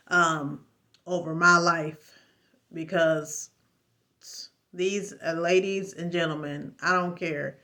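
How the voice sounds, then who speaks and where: A woman speaks straight to the camera in a casual personal testimony, her voice bright and sharp. She rambles and restarts, then drives her points home with emphatic, preachy exclamations. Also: on the low side. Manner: rambling with frequent fillers and restarts. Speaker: vlogger sharing a personal story.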